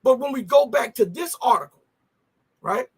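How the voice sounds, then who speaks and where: A man's voice: very high-pitched, expressive, moderate pace, husky. A man hosting a live news commentary stream, talking emphatically and firing off rhetorical questions. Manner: emphatic, rhetorical questions, frequent "okay?" and "right?".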